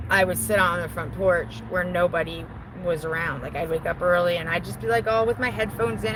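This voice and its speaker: A middle-aged woman rambles through viewer comments outdoors, talking in a loose, self-mocking way. She swears casually and laughs at herself, and there is a faint hum of background noise behind her voice. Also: fairly low pitch. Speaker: vlogger reading viewer comments. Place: outdoors on a porch while smoking.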